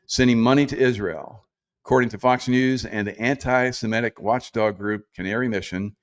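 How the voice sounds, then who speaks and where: A man in his sixties with a fairly low voice hosts a loose livestream. He rambles from point to point, laughs often and slips into mocking impressions. He stops now and then to read viewer comments aloud. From South Carolina. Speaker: livestream host. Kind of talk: casual political commentary, reading chat comments.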